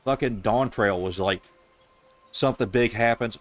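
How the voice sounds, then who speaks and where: A man's voice: mid-range voice, moderate pace. A man with a Southern US accent, streaming a game and reading its dialogue aloud with sarcastic, offhand commentary.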